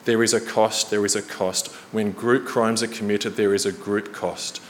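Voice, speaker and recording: A man preaching a sermon in a church hall, earnest and storytelling, slowing and quickening for emphasis. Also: lowish voice, level tone. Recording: reverberant hall, faint noise.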